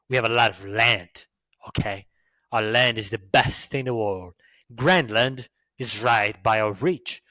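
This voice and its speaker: A man's voice: mid-range voice, bright, forceful tone, no room sound. Man putting on a proud patriot, emphatic, boastful, dry close sound. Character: proud male citizen boasting about his country.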